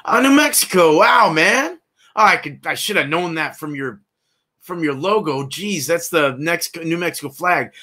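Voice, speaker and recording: Bright-voiced laid-back man on a livestream. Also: fairly high pitch. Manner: rambling, laid-back, laughs often, greets viewers by name. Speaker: host of a live beer review stream. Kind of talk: casual live-stream chat. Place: at home, indoors.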